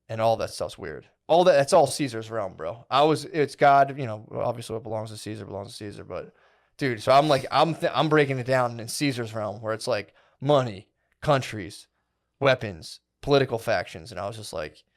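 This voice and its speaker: Co-hosting a comedy podcast, a medium-pitched man rambles through a long story, saying "like" and "dude" in every phrase and swearing plenty.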